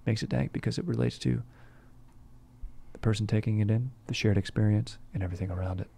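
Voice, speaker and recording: A man's voice: on the low side, quick pace, creaky, dark tone, slightly rough. A young man hosting a comedy podcast, chatting casually in bro slang and saying "dude" all the time. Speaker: podcast host.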